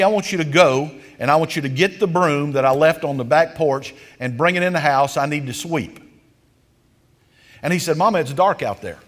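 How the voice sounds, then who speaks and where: A man's voice: a little high, fairly bright tone. A man preaching a sermon as folksy, homespun storytelling, with emphatic swells of intensity. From rural countryside. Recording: long hall reverb.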